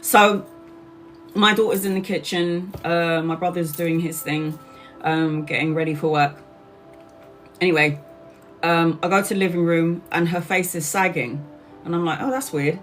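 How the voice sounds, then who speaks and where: A woman's voice: on the low side, fairly even intonation, moderate pace, long pauses, faint music behind. Blunt, swearing woman streaming live. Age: 40s. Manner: swears freely, greets viewers by name mid-story. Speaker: tarot reader hosting a live stream. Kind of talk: casual live-stream storytelling.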